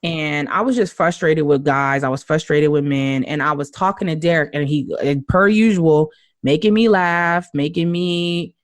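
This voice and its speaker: A woman's voice: deep voice, normal speed, dry recording. A young woman casually telling a story, acting out the quoted lines as she goes. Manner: animated storyteller who acts out quotes with laughs. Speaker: guest's wife on a podcast.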